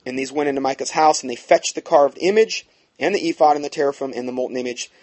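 A man's voice: medium pitch, quick pace, a little mellow. A man reading scripture aloud and explaining it in a conversational way, often checking in with his listeners. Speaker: Bible teacher.

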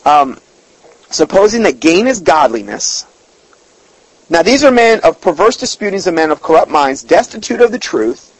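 A man's voice: high-pitched, sing-song, moderate pace, slightly rough, no echo, poor audio. A man preaching an informal sermon in a folksy, emphatic way, often repeating words and reading scripture aloud.

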